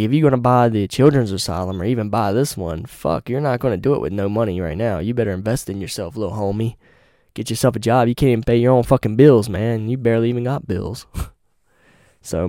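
A young man tells a story on his podcast, loose and full of cursing and slang. His voice is a little low and mellow, almost warm, close and dry on a studio mic with no room sound. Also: no room sound. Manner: profane, slangy, animated storyteller. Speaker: podcast host. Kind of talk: casual storytelling monologue. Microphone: studio mic with pop filter.

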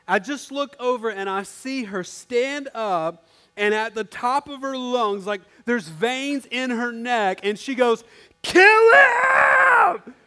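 A man's voice: very high-pitched, unhurried, a bit bright. A male pastor giving a conversational sermon, telling stories and acting out quotes. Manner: storytelling, conversational, acts out quotes.

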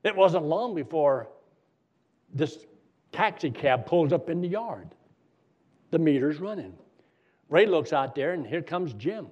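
Husky folksy preacher telling a story. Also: male voice, on the high side, expressive, unhurried, long pauses. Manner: folksy, vivid storyteller with rising and falling intensity. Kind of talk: sermon storytelling. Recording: dull lo-fi recording.

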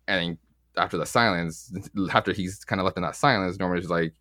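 Speaking fairly quickly in a low voice that sounds pushed and bright, a podcast co-host casually recaps comic books with the others. He rambles, swears often, and acts out the lines, recorded in clean studio sound with no room sound.

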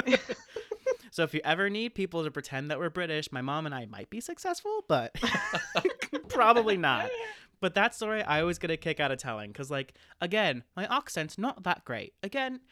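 A man from Maine, a band director and podcast guest, telling stories in animated casual chat and laughing often. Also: fairly high pitch, normal speed. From Maine, United States.

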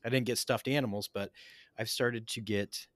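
A man sharing quick, upbeat anecdotes in a casual chat. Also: mid-range voice, steady tone, dry recording.

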